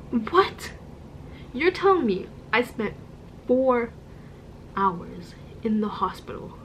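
A woman vlogger telling a story in a casual, animated and exasperated way, demonstrating with objects as she goes. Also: a little high, a little hiss or hum, poor audio. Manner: demonstrates with objects while talking.

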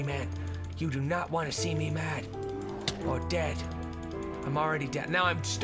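Excitable young man yelling over a game. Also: on the high side, normal speed, pauses often, loud music behind the voice. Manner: excitable, yells and laughs at the game. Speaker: gaming video host. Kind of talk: playing a game with live commentary.

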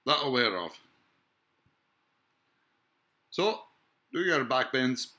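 Rambling, swearing man, forceful voice. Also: mid-range voice, big pitch swings, takes it slowly. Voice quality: profane, rambling, lots of filler sounds. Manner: digressive, musing, asks rhetorical questions. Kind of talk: rambling monologue to camera.

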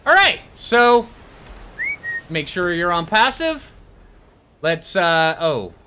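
This gaming channel host has a voice that sits high, with big pitch swings, and he takes things slowly. His commentary is casual, upbeat and chatty, with him talking to himself as he plays, over a noisy background.

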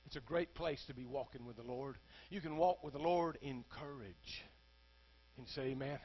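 A man preaching a sermon as a pastor, swinging between hushed words and loud, impassioned calls to the congregation. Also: mid-range voice, moderate pace, highs cut off.

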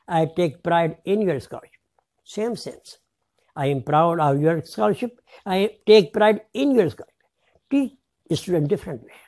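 Emphatic professor. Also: male voice, sits high. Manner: emphatic, stresses and spells out words. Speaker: professor lecturing teachers. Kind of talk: classroom lecture.

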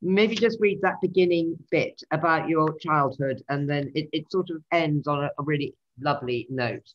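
A woman's voice: sits low, normal speed. Woman host on a dull lo-fi line. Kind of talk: interviewer chat.

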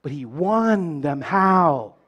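A man's voice: fairly high pitch, lively intonation, takes it slowly, highs cut off. A man preaching a sermon in church, leading the congregation in call-and-response and breaking in with joking asides.

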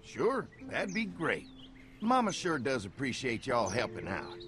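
An actor voicing a polite, helpful young farmer in a video game. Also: male voice, medium pitch, huge pitch swings, unhurried. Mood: friendly.

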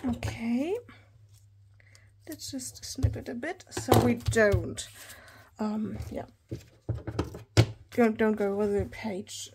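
A woman in her thirties chatting through an unboxing haul, gushing and excitable, often talking straight to her viewers. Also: fairly high pitch, slow pace, long pauses, noisy background. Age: 30s. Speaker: planner hobby vlogger.

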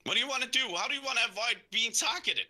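A man's voice: extremely high pitch, expressive, very fast, bright, forceful tone. A man chatting through a live game with friends, complaining in a whiny, melodramatic way. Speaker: gaming channel regular. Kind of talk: live gameplay chat with friends.

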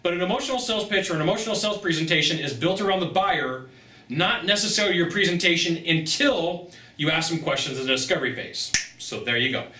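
Bright, energetic man coaching sales. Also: a little high, quick pace. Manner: energetic, emphatic, acts out buyer-seller exchanges. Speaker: sales trainer. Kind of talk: direct-to-camera sales coaching. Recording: roomy sound, mic at a distance.

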